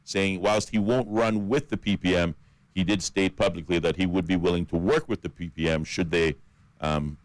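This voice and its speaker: A man's voice: deep voice, normal speed, dry recording, poor audio. A man with a Caymanian accent co-hosting a radio talk show, running through lists of names with fillers. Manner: steady list-reading with fillers. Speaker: radio co-host. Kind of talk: radio talk about election candidates. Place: radio studio.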